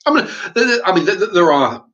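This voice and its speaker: A middle-aged man with an English accent, talking in a halting, rambling monologue to his channel's viewers, often stumbling and repeating his words. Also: sits high, very animated, a bit bright, muffled recording. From England. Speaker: YouTube channel host.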